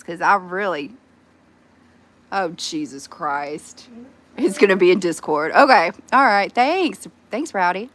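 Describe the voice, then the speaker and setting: A woman with a Southern US accent, chatting casually with her livestream viewers from her phone, animated and quick to squeal and laugh. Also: mid-range voice. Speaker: livestream host.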